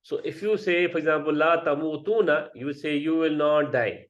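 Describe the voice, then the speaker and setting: A man's voice: fairly high pitch, fairly even intonation, brisk. Guy teaching a class, patient, keeps asking right?, kinda muffled lo-fi sound. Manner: patient, explains step by step, checks with "right?". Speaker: Quran grammar teacher. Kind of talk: classroom explanation. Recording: dull lo-fi sound.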